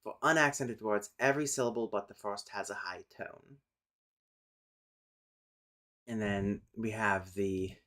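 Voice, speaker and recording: A man streaming live, chatting casually and thinking aloud as he explains language topics. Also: on the low side. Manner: thinks aloud, pauses and restarts, sudden loud calls to his cat. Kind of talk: casual livestream chat and explanation.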